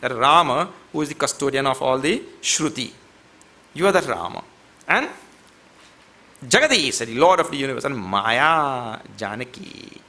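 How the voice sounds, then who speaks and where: Lively gravelly-voiced man lecturing. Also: medium pitch, normal speed. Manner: chants verses then explains them, playful with the audience. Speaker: swami giving a scripture lecture. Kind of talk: devotional lecture to a class.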